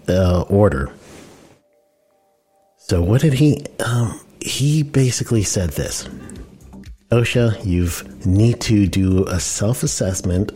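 A man's voice: deep voice, dark tone. A man hosting a podcast, explaining rules in a loose, conversational way with fillers and self-corrections. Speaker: podcast host on workplace safety compliance. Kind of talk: casual explainer talk.

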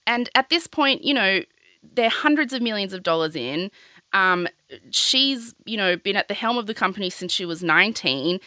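A woman's voice: mid-range voice, animated, normal speed, pushed and bright, dry recording. A young woman hosting a podcast, telling a story in casual, sweary chat full of "like". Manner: chatty, sweary, heavy on filler "like". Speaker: podcast host.

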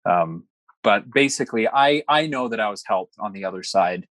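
A young man, a guest in an interview, telling a personal story with earnest, animated delivery and quoted dialogue. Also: lowish voice, moderate pace, dry recording.

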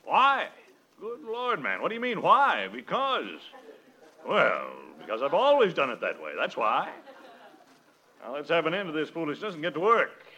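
A man's voice: mid-range voice, bright, forceful tone. An actor playing a pompous, bossy businessman client in a 1950s radio comedy. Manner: pompous, blustering, overbearing. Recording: old radio broadcast with faint hiss.

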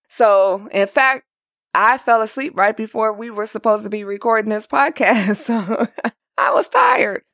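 A woman's voice: fairly high pitch, expressive, a little slow, a bit bright, dry recording, clean studio sound. A woman hosting a podcast, talking in a chatty, upbeat way. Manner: chatty, upbeat, laughs easily. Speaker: podcast host. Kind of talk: casual chat.

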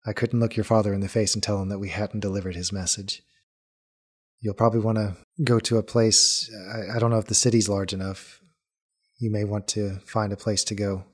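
A man's voice: on the low side, flat delivery, breathy edge. A man voicing Roland, a dutiful, solemn brother. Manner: solemn, subdued and measured.

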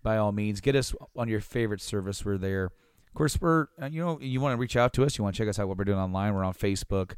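Low, smooth-voiced male podcast co-host. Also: fast talker, no echo, studio quality. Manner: rambling, filler-heavy plugs. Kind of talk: casual podcast chat.

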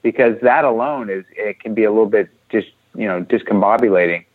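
A man's voice: lowish voice, fairly quick, no room sound. American man on a tinny phone line. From United States. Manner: chatty, laughs easily. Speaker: guest runner on the phone. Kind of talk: casual phone chat.

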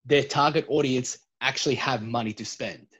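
A man's voice: medium pitch, moderate pace, fairly bright tone, husky. A young man, chatting and ranting bluntly on a casual podcast. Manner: blunt, ranting, swears freely. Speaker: podcast co-host. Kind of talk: casual chat.

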